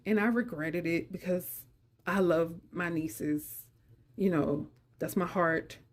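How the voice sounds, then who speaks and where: A middle-aged woman hosting a podcast, telling a personal story in an emotional, conversational way and speaking straight to her listeners. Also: on the low side. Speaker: podcast host.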